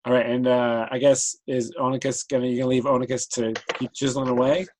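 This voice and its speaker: Brief: easygoing male game master, mid-pitched, explains rules, chuckles a lot. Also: fast, rough recording. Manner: relaxed, explanatory, laughs often. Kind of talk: narrating a tabletop game.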